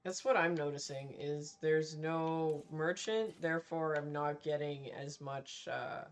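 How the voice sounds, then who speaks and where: Slow, low-voiced woman streamer chatting. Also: steady tone. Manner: candid and chatty, laughs often, swears freely. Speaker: game streamer. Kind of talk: casual live-stream commentary while playing.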